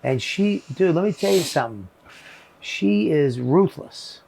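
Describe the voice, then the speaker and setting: A man's voice: on the high side, lively intonation, unhurried, creaky, darkish tone, slightly rough. A male comedian in casual chat, talking emphatically and swearing freely. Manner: emphatic, profane. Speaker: comedian co-host. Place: small shed.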